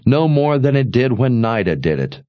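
A man's voice: mid-range voice, very animated, normal speed, phone-quality sound, pitched above the performer's own voice, lightly acted. A man narrating an audiobook voices an earnest young woman who asks a lot of questions, in a raised, lighter voice. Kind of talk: audiobook character voice.

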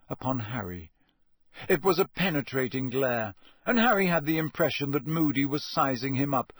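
A man giving scripted audiobook narration in a measured, steady storytelling delivery. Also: medium pitch, no echo.

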